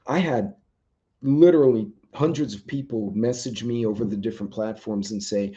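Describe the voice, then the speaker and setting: A man's voice: on the low side, moderate pace, dark tone. A man hosting a casual live stream, chatting loosely with viewers and reading their comments, rambling with lots of ums. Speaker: livestream host. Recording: dull lo-fi stream audio.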